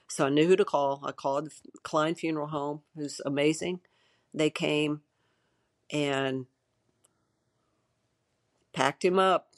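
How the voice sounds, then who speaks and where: A middle-aged woman quietly telling her own story in an interview, halting at times and acting out what people said. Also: deep voice, dry recording, clean studio sound. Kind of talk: personal testimony in an interview.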